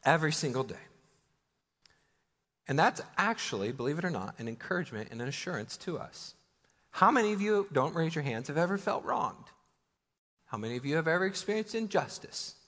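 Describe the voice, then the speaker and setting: A man's voice: a little high, lively intonation, a little fast, long pauses, a bit bright. A man preaching a sermon in a church, conversational and emphatic, asking his listeners rhetorical questions. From United States. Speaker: pastor. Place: church sanctuary. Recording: long hall reverb.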